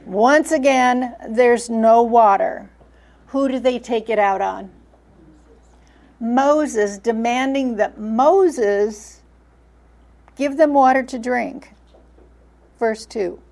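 A woman's voice: on the high side, drawn-out words, pauses often, darkish tone. A woman teaching a Bible study lesson, often asking rhetorical questions and then answering them herself.

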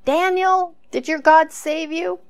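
A woman's voice: mid-range voice, flat delivery, extremely slow, pushed and bright, clear, resonant tone, full character voice. A woman voicing an ancient king who leans over a pit and calls down in an anguished, pleading voice.

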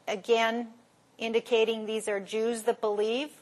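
Lively woman teaching Bible study. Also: on the high side, measured pace. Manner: asks the class questions and answers them herself.

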